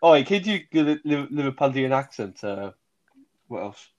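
A man's voice: mid-range voice, very animated, normal speed, darkish tone, highs cut off. A man from England co-hosting a podcast, talking hesitantly with lots of fillers and restarts. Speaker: podcast co-host. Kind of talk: casual chat.

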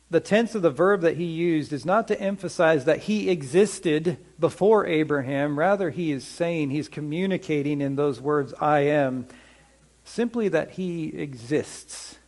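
Conversational preacher with a fairly high voice. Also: male voice. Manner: conversational, asks the congregation questions; slows down to stress scripture quotes. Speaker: pastor. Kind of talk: sermon.

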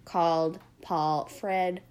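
A young woman co-hosting a casual podcast, animated and playful, often slipping into mimicry. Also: lowish voice, drawn-out words. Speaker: podcast co-host.

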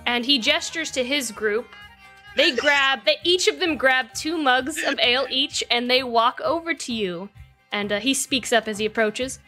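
A woman's voice: high voice, bright, forceful tone. A woman narrating as game master of a tabletop role-playing game, slipping into character voices, with faint music behind. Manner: voices many characters with quick shifts.

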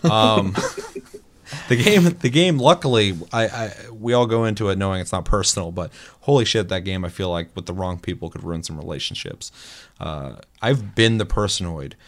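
A man chatting casually about a multiplayer game, telling animated stories and swearing a lot. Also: deep voice, fairly quick. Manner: animated storytelling, heavy swearing. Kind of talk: casual gaming chat.

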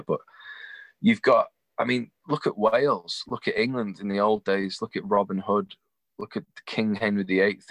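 A young man telling a rambling, animated anecdote with laughs, acting out the voices of the people in it. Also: lowish voice, no room sound. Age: young adult. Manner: acts out quoted voices. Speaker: guest. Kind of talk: casual storytelling.

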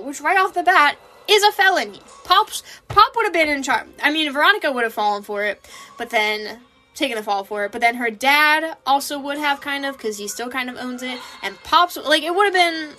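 A young woman with a high voice talks in a casual chat, animated and quick to laugh, now and then putting on mock voices. Faint music plays behind her.

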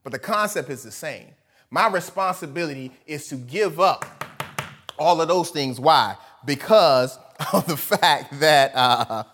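A man preaching a sermon, animated, moving between loud emphatic lines and soft asides, often laughing. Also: a little high. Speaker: pastor.

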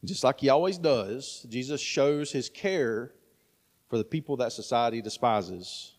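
A man's voice: mid-range voice, lively intonation, measured pace. Conversational male pastor in reverberant room. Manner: conversational, frequent "right?" asides. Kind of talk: sermon.

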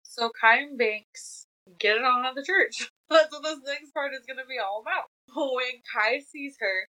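Woman with a bright voice laughing and recapping a book, easygoing podcast chat. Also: high voice, unhurried, rough recording. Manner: relaxed, laughing, recaps plot. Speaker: podcast co-host. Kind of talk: casual book discussion.

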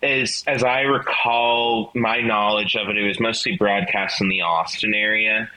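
A man with a mild Texan twang talks in a low, bright, forceful voice as a podcast guest. He stumbles through restarts and fillers, candid and a bit profane. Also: steady tone, poor audio. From Texas. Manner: halting, many restarts and ums, candid and profane. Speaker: podcast guest, metal guitarist. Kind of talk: casual interview chat.

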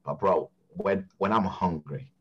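A man telling stories as a podcast co-host, animated and slangy. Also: deep voice, unhurried, dull audio, a little hiss or hum. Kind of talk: casual storytelling.

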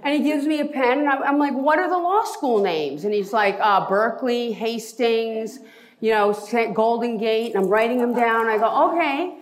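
Woman, interview guest, animated storyteller, casual and blunt, acts out voices. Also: a little high, normal speed. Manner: lively, animated storyteller acting out quotes; casual, swears freely. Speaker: entertainment lawyer.

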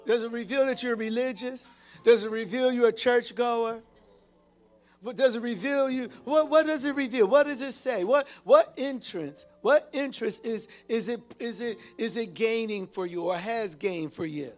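High-voiced preacher man, animated. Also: moderate pace, faint music behind. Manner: animated preaching with call-and-response; repeats and restarts phrases. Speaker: pastor. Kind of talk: sermon.

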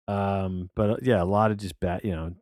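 A man's voice: low-pitched, fairly even intonation, normal speed, darkish tone, no room sound, clean studio sound. A man hosting a podcast, rambling through a casual film review with many restarts and fillers. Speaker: podcast host reviewing films.

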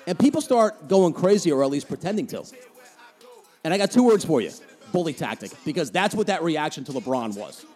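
A man with a New Jersey accent rants through a solo podcast at a rapid clip, heated and sarcastic. His voice sits a touch high for a man. Faint music plays underneath. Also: darkish tone, slightly rough. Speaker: podcast host. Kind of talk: opinionated solo podcast rant.

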